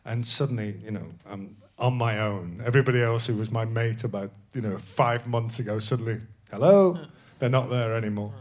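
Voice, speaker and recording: A man's voice: medium pitch, brisk, hardly any pauses. Laughing man telling stage stories. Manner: laughing storyteller, self-deprecating. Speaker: actor guest. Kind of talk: casual anecdote on a live comedy podcast.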